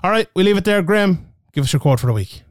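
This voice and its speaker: A man's voice: high-pitched, expressive, fast, dry recording, studio quality. A man co-hosting a podcast, chatting casually in a blunt, jokey way with plenty of swearing. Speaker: podcast co-host.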